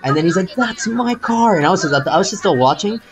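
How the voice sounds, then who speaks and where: A man's voice: on the high side, rapid-fire, music in the background, poor audio. A man streaming live, telling a long story in a rambling, casual way, repeating words and calling the listener bro.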